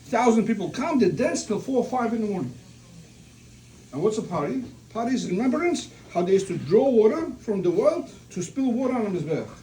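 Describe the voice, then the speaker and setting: Man, fairly high and mellow voice, warm informal storyteller, recorded from a distance with faint room noise. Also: very animated, a little fast. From Russia. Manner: storytelling, restarts and rhetorical questions. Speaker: family member giving a eulogy. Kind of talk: informal religious talk at a family gathering.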